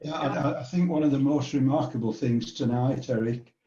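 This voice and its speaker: A man's voice: medium pitch, brisk, mellow, reverberant, distant mic, muffled recording, a little hiss or hum. A man with a Yorkshire accent, a club member speaking in a dry, self-mocking way.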